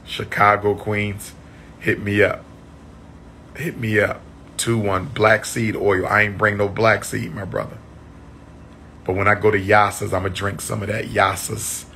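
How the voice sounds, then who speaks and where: A man chatting on a livestream, losing his voice, repeating shout-outs to his viewers. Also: on the low side, a little hiss or hum. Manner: repetitive, call-and-response shout-outs to viewers. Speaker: livestream host. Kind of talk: casual livestream chat.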